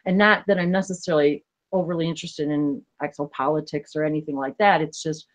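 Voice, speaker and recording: A woman hosting a spiritual livestream, talking casually in an earnest, emotional way, rambling with many halting restarts. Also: sits low, fairly even intonation.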